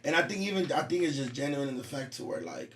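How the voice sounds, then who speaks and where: Fast-talking animated young man. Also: mid-range voice. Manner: animated storytelling, acts out quotes. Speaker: podcast host. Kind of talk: casual chat.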